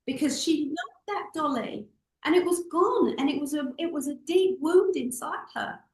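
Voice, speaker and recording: A woman's voice: high-pitched, normal speed, reverberant, poor audio. A woman, a public speaking coach, telling stories expressively as an interview guest. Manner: expressive, acts out voices in anecdotes.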